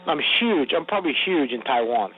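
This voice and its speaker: Male podcast co-host, husky voice, rambling profane storyteller, phone-quality sound. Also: medium pitch, animated, a little fast. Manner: rambling, profane, frequent restarts. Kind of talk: casual comedic storytelling. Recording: tinny phone-like audio.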